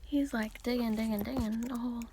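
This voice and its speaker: A woman giving a whispered ASMR storybook reading, softly narrating and adding gentle, giggly asides between the pages. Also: fairly high pitch, fairly even intonation, fairly quick, noisy background. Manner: soft whispering with chatty asides. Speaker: ASMR reader.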